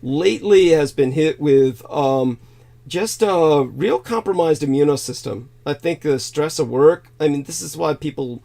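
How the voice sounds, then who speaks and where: A man's voice: fairly high pitch, a little slow, vocal fry, dark tone. Rambling, profane man host. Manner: rambling, profane, laughs often. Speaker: show host. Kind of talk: casual live-stream chat.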